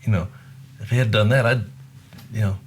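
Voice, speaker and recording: A man's voice: fairly low pitch, fast, slight background noise. An older man from Buffalo, a guest musician, telling rambling anecdotes in casual conversation and acting out the voices of the people he describes. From Buffalo, New York, USA. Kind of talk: casual storytelling.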